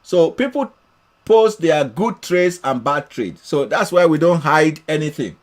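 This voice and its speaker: Guy running a live trading class, kinda high voice, cheers on viewers, says things twice. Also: animated, measured pace. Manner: encouraging, reads viewer comments aloud, repeats phrases. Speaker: trading mentor. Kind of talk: live-streamed trading session.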